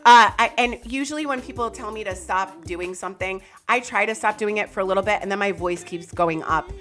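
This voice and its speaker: An excitable, loud woman, hosting a live chart analysis stream and talking to viewers by name. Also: mid-range voice, brisk, faint music behind. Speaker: crypto market streamer.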